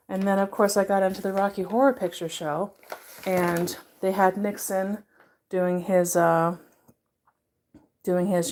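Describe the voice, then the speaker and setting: Woman chatting about her art, rambly and jokey, middle pitch. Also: fairly even intonation, moderate pace, darkish tone, slight background noise. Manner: chatty, rambling, laughing at herself. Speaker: artist and video maker. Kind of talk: casual show-and-tell vlog.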